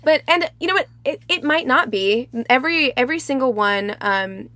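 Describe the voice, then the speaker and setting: Woman co-host, emphatic, restarts mid-thought, fairly high voice, dry close mic. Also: lively intonation, moderate pace, sharp tone, no echo. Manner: emphatic, thinks aloud with restarts. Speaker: podcast co-host. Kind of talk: casual podcast discussion.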